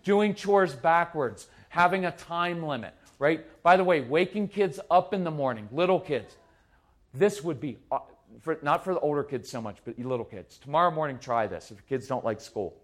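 A middle-aged man with a fairly high voice talks about parenting. He is energetic and conversational, keeps asking "right?", and slips into quick quoted voices to act out little scenes. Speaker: parenting speaker. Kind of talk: live parenting talk.

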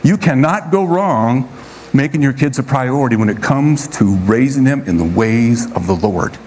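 A man preaching a sermon to a congregation in a relaxed, conversational way, often checking in with his listeners. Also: medium pitch, normal speed, a little hiss or hum. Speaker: pastor.

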